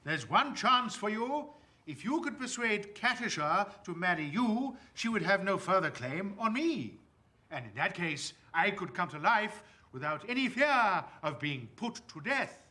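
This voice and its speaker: An actor playing a polite, earnest Victorian actor rehearsing a young lead. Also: male voice, high voice, sing-song, unhurried, sharp tone, heavily acted. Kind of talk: period film acting.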